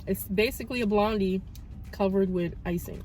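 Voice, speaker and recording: A woman in her thirties chatting casually in a vlog, telling a story with animated and grateful talk. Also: medium pitch, normal speed, faint music behind. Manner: animated storytelling, praises God. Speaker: vlogger. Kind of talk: casual chat.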